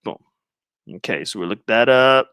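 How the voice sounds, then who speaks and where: A man's voice: mid-range voice, expressive, moderate pace, fairly bright tone, clean tone, no echo, studio quality. A man hosting a casual livestream, rambling and distracted as he talks to viewers in chat. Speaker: livestream host.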